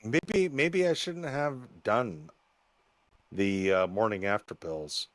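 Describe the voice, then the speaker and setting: A man in a played clip, speaking in a wistful, hesitant, halting way. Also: on the low side.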